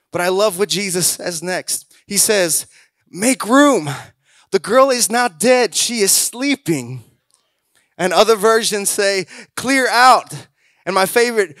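A man preaches in a high, lively voice, shifting into quoted voices and then building to loud exhortations. The sound is close and dry, with almost no room around him. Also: dry recording. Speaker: pastor. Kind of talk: sermon.

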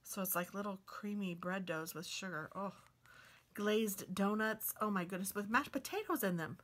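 A woman's voice: mid-range voice, steady tone, normal speed, a bit bright. A woman hosting a casual cookbook walk-through, reading recipes aloud and chatting with delighted exclamations. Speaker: craft and book video host.

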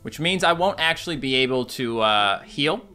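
A man in his thirties giving excitable, jokey let's-play commentary, talking to enemies and viewers. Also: medium pitch, moderate pace, soft background music. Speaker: gaming YouTuber.

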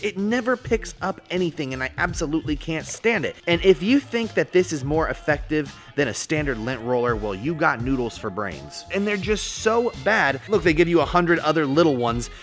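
A man's voice: fairly high pitch, lively intonation, moderate pace, hardly any pauses, faint music behind. A young man giving a goofy, playful pet-product review vlog, breaking into silly voices. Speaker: vlogger.

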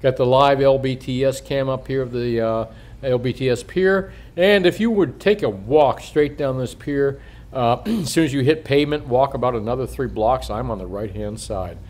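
A man's voice: mid-range voice, normal speed, a little mellow. An older man, a coin shop owner, talking casually on a video in a rambling, profane way, chuckling and slurring a little through a missing front tooth.

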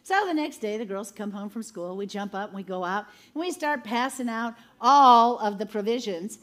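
An older woman giving an animated sermon testimony, laughing often and acting out the people in her story. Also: fairly high pitch, moderate pace. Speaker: conference speaker.

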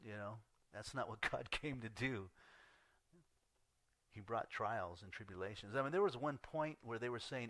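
A male pastor preaching a sermon in an earnest way, swinging between loud emphasis and hushed asides. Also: medium pitch, unhurried, slight background noise.

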